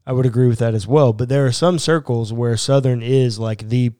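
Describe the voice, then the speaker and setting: A man's voice: mid-range voice, fairly even intonation, a little fast, warm tone, clear, resonant tone, no room sound, studio quality. A man co-hosting a casual chat about prayer and faith, joking and thinking aloud as he talks. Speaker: podcast co-host.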